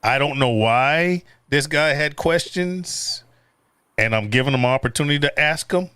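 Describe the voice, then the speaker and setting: A man's voice: on the high side, normal speed, sharp tone, clear, resonant tone, no echo. A man hosting a casual livestream. He reads viewer comments aloud, swears and laughs easily. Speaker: livestream host.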